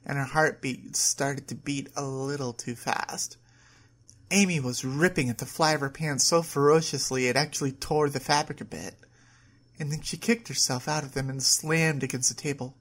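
A woman narrating an adult short story at a steady reading pace. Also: rumbling low.

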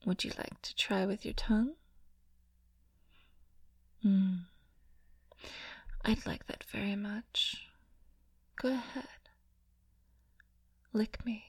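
A woman performing a whispered role-play in an intimate, coaxing way, with soft laughs. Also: mid-range voice, slow, gravelly, pauses often, breathy edge.

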